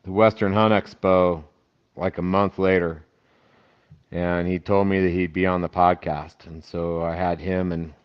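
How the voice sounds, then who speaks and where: A man telling a lively anecdote as a podcast guest, acting out the people in his story. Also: low voice, measured pace, smooth, dull audio. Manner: animated anecdote teller who acts out quoted voices. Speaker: podcast guest, festival founder. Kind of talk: casual storytelling.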